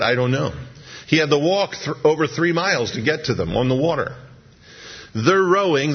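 Animated preacher telling a sermon story. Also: male voice, medium pitch, slightly rough, muffled recording. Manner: dramatic storytelling, acting out scenes in voices.

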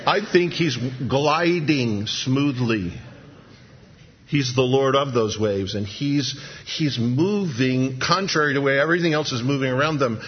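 A preacher with a husky, middle-pitched voice tells a sermon story with drama. He slips into voices for the people in the scene. The recording sounds dull and lo-fi.

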